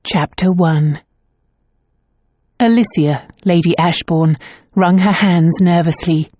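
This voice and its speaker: A woman narrating a romance novel audiobook in a calm, measured way. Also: lowish voice, dry recording, clean studio sound. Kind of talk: scripted narration.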